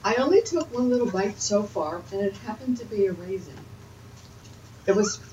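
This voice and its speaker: A woman chats casually as a podcast guest in her home, giggling between words. She sits far from the mic, so her voice sounds roomy and dull. A steady hiss of noise sits under it. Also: medium pitch, normal speed. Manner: giggly, breaks into laughter. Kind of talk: casual chat. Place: her own home, dim room. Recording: distant echoey dull mic, noisy.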